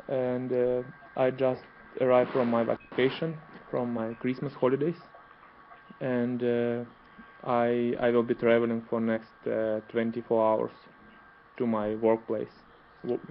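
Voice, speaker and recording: Hesitant man speaking flatly on a call. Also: mid-range voice, a little slow. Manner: hesitant, many uhs. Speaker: student. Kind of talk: answering in an online class. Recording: muffled call audio with faint noise.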